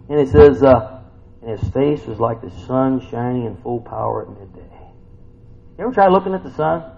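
A man teaching from the Bible in a casual, conversational sermon, reading verses aloud and musing with hums and rhetorical questions, swinging between loud bursts and hushed asides. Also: expressive, moderate pace, vocal fry. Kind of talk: informal Bible study sermon. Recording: tinny phone-like recording with faint rumble.

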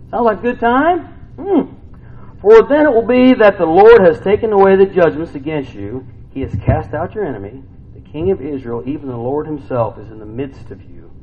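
Guy preaching a sermon, chatty, pitch jumps all over, kinda muffled sound w faint background hum. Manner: swings from soft, low scripture reading to loud, excited exclamations; conversational, with rhetorical questions and hums.

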